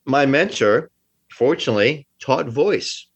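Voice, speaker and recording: A man's voice: mid-range voice, expressive, a little slow, slight background noise. A man from New Jersey, an actor being interviewed, talking emphatically and often repeating himself. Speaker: actor guest. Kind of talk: casual interview talk. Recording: dull lo-fi sound.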